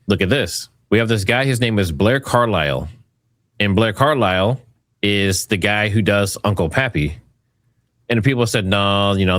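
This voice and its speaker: Guy running a commentary vid, lowish voice, dry sound, casual and kinda repetitive. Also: fairly bright tone, dry recording. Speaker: commentary host. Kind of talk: online commentary.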